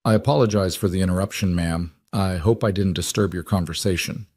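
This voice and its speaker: A man voicing a polite, soft-spoken young cowboy who talks in a courteous, measured way. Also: deep voice, dry recording, studio quality. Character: polite, steady young cowboy, new in town.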